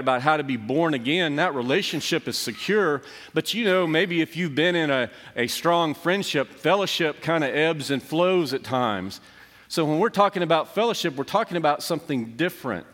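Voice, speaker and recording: A man's voice: a little high, a bit bright. Middle-aged male preacher in a reverberant hall. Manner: conversational storytelling, self-deprecating humor. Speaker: pastor. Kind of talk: sermon. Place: church sanctuary. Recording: long reverb of a church hall.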